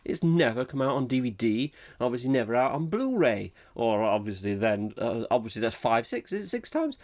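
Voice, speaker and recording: Rambling, self-mocking podcast host. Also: male voice, medium pitch, very animated, a little fast, darkish tone. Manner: rambling and self-mocking, laughs often at himself. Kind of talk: casual solo podcast chat.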